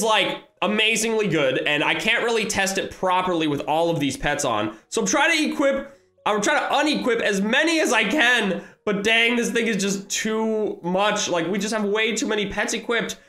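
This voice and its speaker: Excitable high-voiced young man, echoey room. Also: normal speed. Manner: excitable, exclaiming, rambling. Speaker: gaming YouTuber. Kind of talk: excited gameplay commentary.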